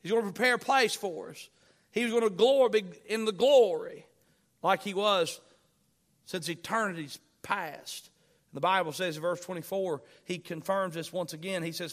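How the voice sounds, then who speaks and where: A man's voice: on the high side, moderate pace. A male pastor preaching a sermon, quoting scripture in old-fashioned wording and repeating lines with swelling emphasis. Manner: quotes scripture in King James wording.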